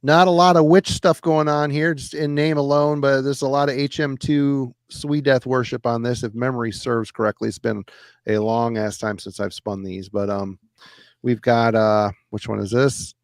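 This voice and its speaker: A man's voice: mid-range voice, level tone, moderate pace, no echo. A man co-hosts a podcast in a laid-back, casual chat. He keeps his remarks short and laughs often. The voice is dry and close to the mic. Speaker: podcast co-host.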